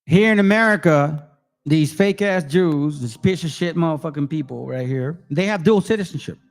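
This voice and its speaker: A man's voice: fairly high pitch, moderate pace. A man giving heated, profane commentary on video clips, ranting angrily.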